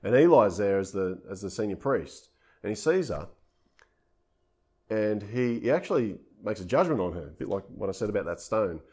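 A man's voice: on the low side, animated, moderate pace, dark tone, slightly rough. A man preaching a conversational sermon, retelling scripture informally in everyday speech.

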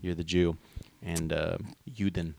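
A man co-hosting a casual chat, laid-back and musing, with plenty of drawn-out fillers as he thinks aloud. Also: low-pitched, flat delivery, gravelly, heavy background noise.

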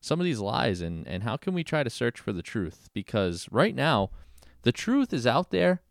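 A man hosting a political podcast, talking casually and halting, often repeating words. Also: mid-range voice, big pitch swings, gravelly, no echo, studio quality. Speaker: podcast host.

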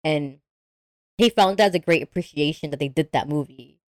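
A woman co-hosting a podcast, chatting about a movie in an animated way, laughing often and acting out quotes. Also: sits low, moderate pace, no echo, studio quality. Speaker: podcast co-host. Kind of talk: casual movie discussion.

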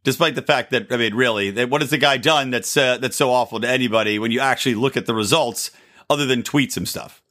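A man hosting his own podcast, talking through his opinions in a sarcastic, animated solo monologue and laughing at his own jokes. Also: medium pitch, quick pace. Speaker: podcast host.

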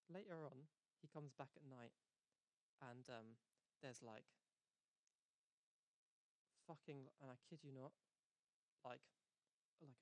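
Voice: medium pitch, no room sound, low-quality recording. A young adult, recapping a show in a rambling, sweary way with lots of fillers and laughter. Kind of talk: casual chat recapping a show.

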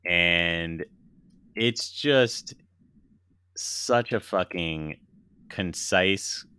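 A man's voice: low-pitched, extremely slow, pushed and bright, clean tone. A man co-hosting a casual movie podcast, retelling film scenes with enthusiasm and the odd swear. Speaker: podcast co-host.

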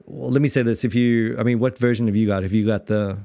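A man's voice: medium pitch, steady tone, fast talker, vocal fry, mellow, no echo. A man with a South African accent co-hosting a casual podcast chat about church history, rambling with many restarts and frequent laughter. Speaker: podcast co-host.

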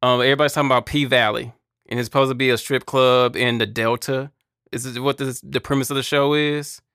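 A man's voice: mid-range voice, steady tone, fast, fairly bright tone, clear, resonant tone, dry recording, clean studio sound. A man co-hosting a podcast, laid-back and teasing in casual chat. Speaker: podcast co-host.

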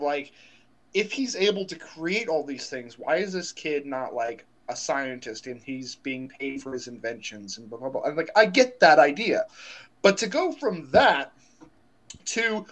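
A young man co-hosting a casual chat, animated and slangy with lots of fillers. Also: on the high side. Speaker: podcast co-host.

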